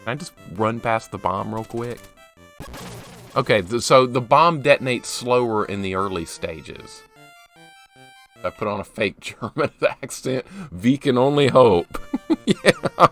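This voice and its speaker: Chatty low-voiced male game streamer. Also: unhurried, fairly bright tone, soft background music. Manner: chatty, greets viewers by name, self-mocking. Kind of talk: casual live gameplay commentary.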